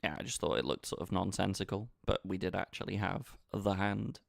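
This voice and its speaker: A man's voice: low-pitched, brisk, vocal fry, no room sound, studio quality. A man chatting casually with his viewers while he plays online poker, bantering and talking to the chat. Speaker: poker streamer. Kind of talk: casual live-stream commentary.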